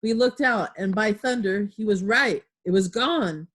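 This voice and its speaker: Brief: a woman reading a cunning old pirate cook from a storybook, sly and loud, told plainly. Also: mid-range voice, measured pace. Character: long john silver, older male pirate cook, cunning.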